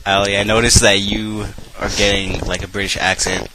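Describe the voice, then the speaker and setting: A young man rambles and swears freely in a casual podcast chat. His voice sits fairly low, with clear hiss in the background. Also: little pitch movement, normal speed.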